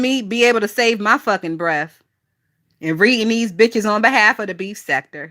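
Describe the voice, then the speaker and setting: Woman, gossip streamer, bright and punchy voice, swears freely, laughs a lot. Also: medium pitch, moderate pace. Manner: chatty, profane, laughs often, talks to chat. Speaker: gossip channel host. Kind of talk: casual livestream gossip chat.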